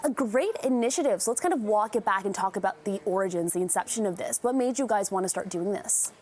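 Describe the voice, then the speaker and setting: Brisk woman morning news host. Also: medium pitch, animated, darkish tone. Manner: brisk, upbeat interviewer. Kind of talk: broadcast interview.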